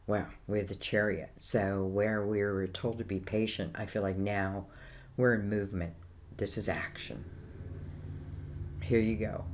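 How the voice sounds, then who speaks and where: A woman's voice: extremely low pitch, fairly even intonation, unhurried, a little mellow, slight background noise. An Irish woman giving a casual, rambling tarot reading, full of fillers like "you know" and "I feel like". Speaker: tarot reader.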